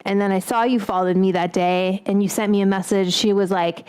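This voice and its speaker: A woman in her late thirties with a high voice hosts a casual cooking stream. She talks bluntly and rambles, swears freely and laughs often. Her voice is picked up by an omnidirectional mic. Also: steady tone, fast, hardly any pauses, a little mellow, clean tone. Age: late 30s. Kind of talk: casual livestream chat.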